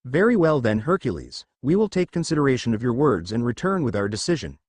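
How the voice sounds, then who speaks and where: A man's voice: medium pitch, big pitch swings, fast talker, a little mellow, no echo. A man voicing a stern, commanding warrior queen who formally pronounces judgment, in a dry, close recording.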